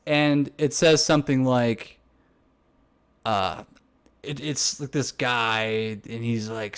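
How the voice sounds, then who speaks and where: A man's voice: mid-range voice, clean tone. A young man co-hosting a casual chat, telling a story in a rambling, laughing way full of restarts. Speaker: podcast co-host.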